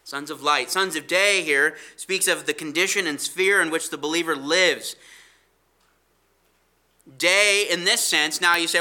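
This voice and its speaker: A man preaching an expository sermon as a Bible teacher, slowing down to stress scripture quotes and asking rhetorical questions. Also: a little high, pushed and bright.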